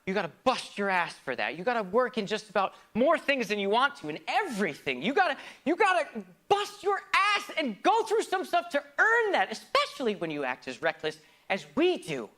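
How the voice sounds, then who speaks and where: A man performing a theatrical comic monologue, swinging between loud outbursts and hushed asides in a mock-grand, philosophical manner. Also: very high-pitched, wildly swooping pitch, normal speed, few pauses. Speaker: stage performer.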